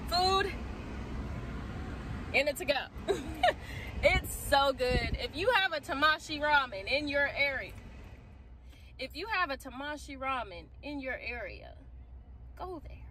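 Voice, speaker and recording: A woman talks straight to her viewers in a casual vlog, her voice pitched high. She takes her time and stretches out her words. She stresses her points by repeating them and swears freely. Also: expressive, measured pace, long pauses, bright, forceful tone, slight background noise. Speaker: vlogger. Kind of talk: casual self-talk vlog.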